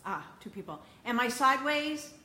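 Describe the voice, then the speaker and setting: A bright, clear-voiced woman live-streaming from her home kitchen, talking to herself and her viewers as she fiddles with her camera. She sounds flustered and mutters through a tablet mic, with faint room sound behind her. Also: high-pitched, big pitch swings, normal speed, a little hiss or hum. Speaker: cooking show host. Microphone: phone or tablet camera mic.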